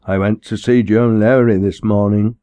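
A man's voice: lowish voice, fairly even intonation, normal speed, warm tone, clear, resonant tone, no room sound, natural voice. A man voicing a self-important country rector who speaks in a formal, stiff and sonorous way.

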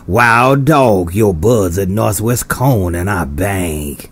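A man's voice: lowish voice, animated, slow pace, husky. A man on CB radio, chatting in a folksy, repetitive way and calling the other driver by his handle over and over. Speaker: CB radio operator.

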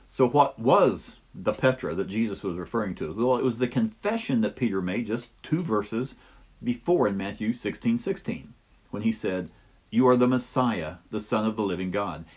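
A man's voice: fairly low pitch, husky. A man explaining a Bible passage to teachers in a weekly lesson, with a few "uh"s as he goes. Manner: explanatory, with some filler "uh"s.

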